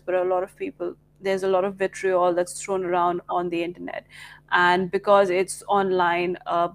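Woman host, even, level delivery, measured questioning. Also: lowish voice. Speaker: podcast host. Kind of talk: interview questions.

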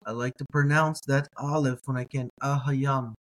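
With a steady tone and moderate pace, this mid-range male voice belongs to a Hebrew teacher breaking words into syllables for a reading lesson. He is hesitant, filling pauses with ums and uhs and correcting himself.

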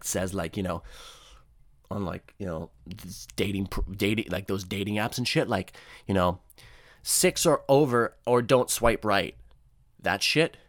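A young man doing a rambling, profane comedic monologue, often jumping into high-pitched voices for the people he quotes. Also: a bit bright, dry recording, studio quality.

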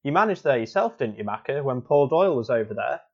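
A man's voice: medium pitch, sing-song, quick pace, muffled recording. A man playing a hesitant, awkward post-match interviewer in a comedy sketch. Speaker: sports interviewer.

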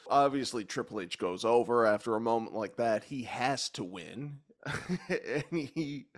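A man's voice: mid-range voice, expressive, measured pace. A man co-hosting a podcast in a casual chat, bemused and rambling, with many fillers and laughs. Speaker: podcast co-host.

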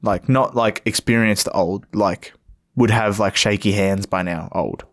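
A man's voice: lowish voice, steady tone, a little slow. Laid-back man telling a story. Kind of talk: casual chat.

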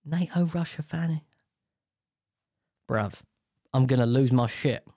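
A man's voice: mid-range voice, a little slow, warm tone, no echo, studio quality. A man reading news stories aloud, stumbling over hard words and ranting about them with lots of swearing. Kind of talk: casual reaction commentary.

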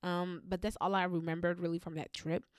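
A woman's voice: fairly low pitch, flat delivery, brisk, dry recording, studio quality. A woman vlogger telling a personal story in a blunt, heated manner, swearing constantly. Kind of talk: storytelling monologue.

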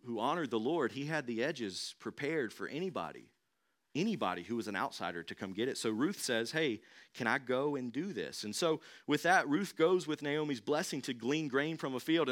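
A man's voice: medium pitch, a bit bright. A young adult man preaching a sermon as pastor, emphatic, repeating key phrases and putting questions to the congregation.

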